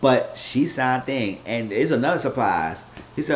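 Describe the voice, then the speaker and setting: A man's voice: mid-range voice, lively intonation, a little slow, slight background noise. Man rambling through a lo-fi show recap. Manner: loose, rambling retelling with frequent restarts. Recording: roomy, dull lo-fi recording.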